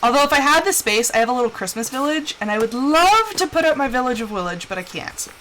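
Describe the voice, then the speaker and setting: A woman's voice: high-pitched, animated, fast, a bit bright, a little hiss or hum, low-quality recording. Chatty young woman streaming a game. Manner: chatty and candid, acts out quoted voices. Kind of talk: casual chat while gaming.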